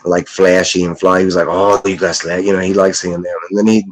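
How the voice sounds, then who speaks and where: A young man chatting loosely about his comic pickups, rambling and profane, laughing often and mimicking others in high voices. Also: level tone, fairly quick, rough recording. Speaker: comic collector vlogger. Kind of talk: casual chat.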